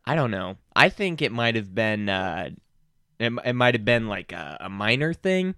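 A man chatting casually with friends, jokey and quick to laugh. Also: on the low side, big pitch swings, pushed and bright, clear, resonant tone, no echo, clean studio sound. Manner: jokey, laughs easily, does impressions. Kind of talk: casual chat.

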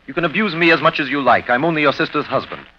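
A man's voice: fairly high pitch, lively intonation, lightly acted. An actor playing a blunt, exasperated husband standing up for his wife in an old radio drama. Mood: angry. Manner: fast, blunt, scolding. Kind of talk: 1930s radio drama acting. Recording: dull old radio recording with faint hiss.

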